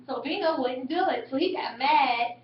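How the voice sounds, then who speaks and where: A woman's voice: sits high, normal speed, a little hiss or hum. A young woman and mother retelling movie scenes in casual webcam chat, laughing often. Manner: animated storyteller, laughs often. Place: indoor room. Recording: echoey, distant, dull webcam audio.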